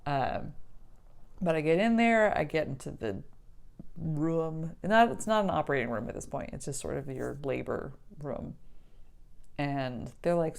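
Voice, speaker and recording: A young adult vlogger recounts her birth story in a low, creaky voice. She's chatty and casual, laughing often and padding her speech with "like."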